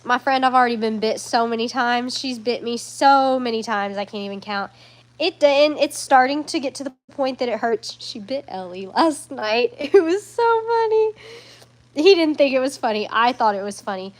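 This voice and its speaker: A woman's voice: on the high side, normal speed, low-quality recording. A young woman chatting casually in a home vlog, rambling with restarts and fillers. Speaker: vlogger.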